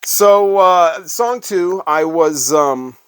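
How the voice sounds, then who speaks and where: Extremely slow and slightly high, this man's voice has a clear, resonant tone. He is a middle-aged record collector and ex-radio staffer from Illinois, USA, spinning rambling, casual vlog stories sprinkled with fillers.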